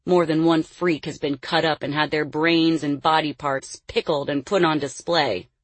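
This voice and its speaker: A woman with a low-pitched, steady voice at normal speed performs an audiobook character voice, the cruel male captor in charge who keeps a girl caged. She snarls and taunts his threats in a menacing mood, with no room sound.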